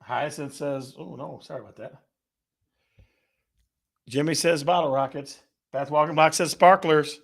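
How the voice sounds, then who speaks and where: A man hosts a casual livestream from a home studio, his voice sitting a little high with a gravelly edge. He keeps things upbeat and playful, reading out viewers' chat comments as he goes. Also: fairly even intonation, a little slow, pauses often. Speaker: host of a real estate live show.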